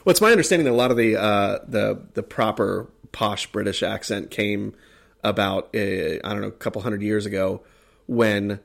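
A man's voice: fairly low pitch, normal speed, gravelly. A man from the United States chatting casually as a podcast co-host, rambling with many fillers and restarts. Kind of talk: casual chat.

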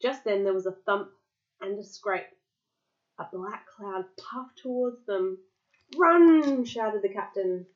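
A woman reading a picture book aloud to a child, lively, pausing to explain words and answer questions. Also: mid-range voice, muffled recording.

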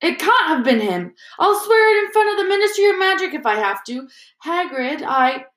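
A woman voicing a big, rough gamekeeper man who rants urgently. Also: high-pitched, big pitch swings, unhurried, a bit bright, echoey room, pitched above the performer's own voice, heavily acted. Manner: urgent, ranting.

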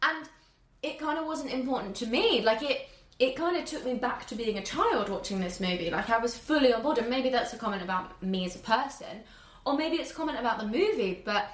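A woman's voice: fairly high pitch, fairly quick. A woman in her twenties chatting casually about a movie, acting out scenes and laughing as she goes. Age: 20s. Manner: animated, acts out scenes with loud swearing and laughter. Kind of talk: casual movie review chat. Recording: echoey room with faint background noise.

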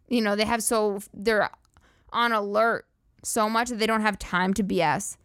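A woman's voice: mid-range voice, steady tone, normal speed, fairly bright tone, smooth, no room sound, studio quality. A woman hosting a comedy podcast, rambling through profane, giggly riffs. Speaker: podcast host. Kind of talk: casual comedic monologue.

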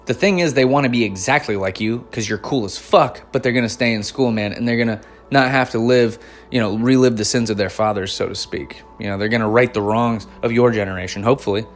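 A man's voice: mid-range voice, brisk, soft background music. A man in his thirties, hosting a podcast, tells a comic story in a loose, profane, rambling style. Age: 30s. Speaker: comedian podcast host.

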